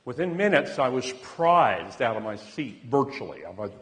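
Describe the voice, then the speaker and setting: A man telling a personal story in an earnest manner. He swings from loud bursts to hushed, near-whispered lines. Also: medium pitch, big pitch swings, normal speed, long reverb tail. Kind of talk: personal anecdote.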